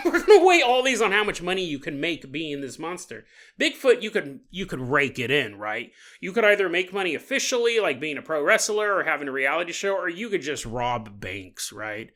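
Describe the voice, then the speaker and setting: A male podcast host spinning a comic, interactive story. His pitch swings widely as he acts out little scenes, and he laughs often mid-sentence. His tone is bright and forceful.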